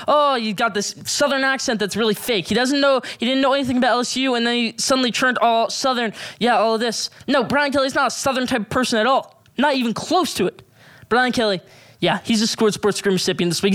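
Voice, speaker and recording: A young man hosting a solo sports podcast, giving excitable, opinionated picks and rants. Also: very high voice. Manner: rapid, excitable, opinionated delivery.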